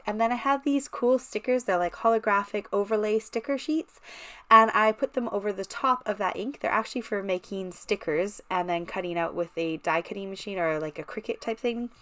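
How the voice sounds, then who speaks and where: A woman's voice: mid-range voice, fairly bright tone. A woman hosting a casual card-making tutorial, talking chattily and enthusiastically straight to the viewer as she shows her work. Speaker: card-making channel host. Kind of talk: casual craft tutorial walkthrough.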